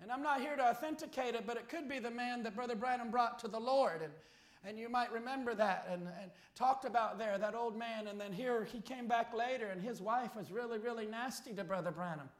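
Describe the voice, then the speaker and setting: A man preaching a sermon, telling a story and rising to shouted appeals. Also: very high voice, fairly quick. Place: church. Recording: echoey church hall.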